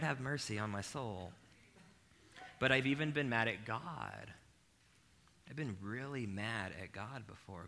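Bright-voiced joking preacher man. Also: mid-range voice. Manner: animated, self-deprecating, addresses the crowd directly. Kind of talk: humorous conversational sermon.

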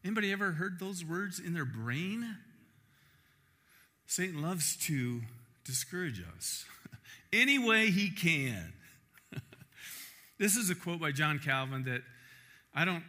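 A man preaching a sermon at a camp, emphatic and animated, asking the listeners rhetorical questions. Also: a little high, slow pace, long pauses.

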